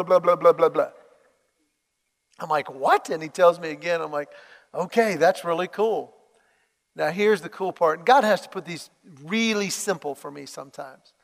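A man preaching a sermon, telling a story with lively acted-out dialogue. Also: high-pitched, in a large hall. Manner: animated storytelling, acts out quoted dialogue.

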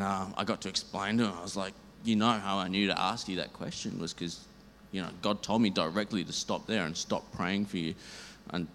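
A church member shares a storytelling testimony in a deep, low voice, rambling and animated as he acts out both sides of a conversation. The sound rings in a reverberant hall over a faint noise floor.

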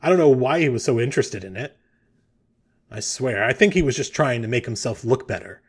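A man voicing a cranky, bigoted old male ex-guard in a tabletop game, gruff and quick to shout accusations. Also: mid-range voice, expressive. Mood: scornful.

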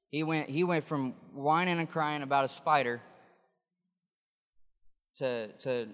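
A man's voice: a little high, measured pace, pauses often, fairly bright tone, big-room sound. A man preaching a sermon, explaining scripture in a conversational way with frequent restarts. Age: adult.

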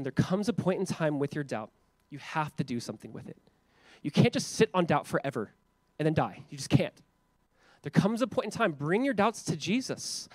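High, lively man preaching. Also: dry recording. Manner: animated, conversational preaching with playful voiced quotes. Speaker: pastor. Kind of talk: sermon.

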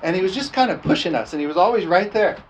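A man's voice: high voice, lively intonation, fast, slight background noise. A man preaching a storytelling sermon in a folksy, laughing way, often tossing "amen?" to the congregation.

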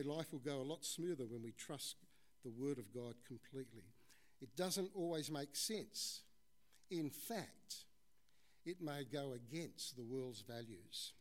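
A man's voice: mid-range voice, lively intonation, a little slow. A male preacher giving a conversational sermon, addressing the congregation as "folks" and telling stories.

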